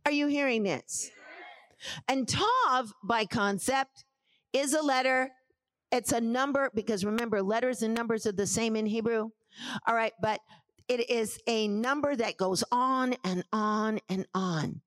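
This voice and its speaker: High-voiced woman preaching slowly. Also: dry recording. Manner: calls for congregation responses, emphatic repetitions; rises to shouted preaching at climaxes. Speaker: pastor teaching scripture. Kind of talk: sermon.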